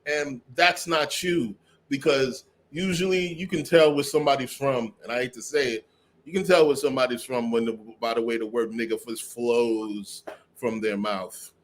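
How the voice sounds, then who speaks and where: A man's voice: mid-range voice, fairly even intonation, normal speed. A man in a casual podcast chat, talking emphatically with lots of swearing and "you know what I mean.".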